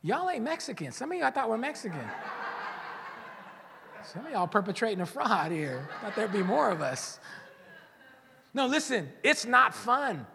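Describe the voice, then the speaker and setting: A man preaching a sermon as pastor in a church, animated and joking, acting out the voices of churchgoers. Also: sits high, moderate pace, vocal fry, pauses often. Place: church hall. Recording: long church reverb.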